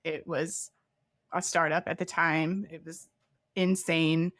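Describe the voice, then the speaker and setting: A woman's voice: low-pitched, level tone, slow pace, a bit bright, no room sound. Middle-aged woman, candid interview guest, chatty storyteller, dry booth sound. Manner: chatty, frequent "like" fillers, laughs while recounting. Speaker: guest, former head of product.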